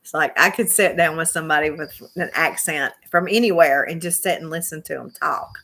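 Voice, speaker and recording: A woman with a country Southern US accent co-hosting a casual livestream, chatty and quick to giggle. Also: sits low, a bit bright. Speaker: co-host.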